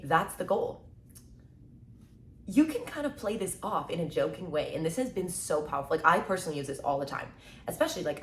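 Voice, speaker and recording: A woman in her twenties giving casual motivational talk to camera, chatty and upbeat, acting out quick little exchanges and saying "like" and "right?" a lot. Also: fairly low pitch, a little hiss or hum. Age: 20s. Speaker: mindset content creator. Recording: echoey room with faint ambience.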